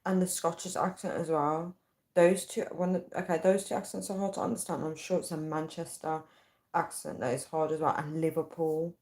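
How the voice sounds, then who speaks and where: A woman's voice: deep voice, fairly even intonation, moderate pace, darkish tone. A woman on a casual livestream, chatting, giggling and reading viewers' comments aloud. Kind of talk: casual live-stream chat. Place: at home late at night.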